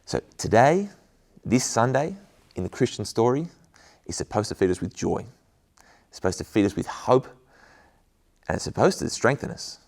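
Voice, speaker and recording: A man with a low, gravelly voice delivers an earnest devotional talk. He keeps it conversational, with frequent pauses and ums. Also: big pitch swings. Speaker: school chaplain giving a devotional.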